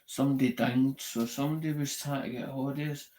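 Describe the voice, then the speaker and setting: A man's voice: mid-range voice, steady tone, brisk, warm tone. A middle-aged Scottish man hosting a live-stream show, chatting casually and telling a rambling story peppered with "right?" and swearing. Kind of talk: casual chat.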